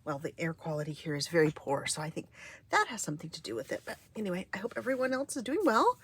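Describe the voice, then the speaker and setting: Soft-spoken woman with a gravelly, craggy voice. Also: on the low side, fast. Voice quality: soft, often breathy and half-whispered. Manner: relaxed and meandering, with many fillers and restarts. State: weak, craggy voice. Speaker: craft vlogger. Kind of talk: casual chat during a journal flip-through. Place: home craft space.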